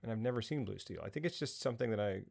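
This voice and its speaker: Gravelly man cracking goofy jokes. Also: lowish voice, racing, darkish tone. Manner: goofy, crude jokes, laughs a lot. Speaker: podcast co-host. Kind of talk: casual film podcast chat.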